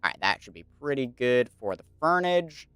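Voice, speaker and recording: A man's voice: medium pitch, very animated, normal speed, a bit bright, clear, resonant tone. A young man streaming casually, rambling and thinking aloud with lots of fillers while he plays a building game.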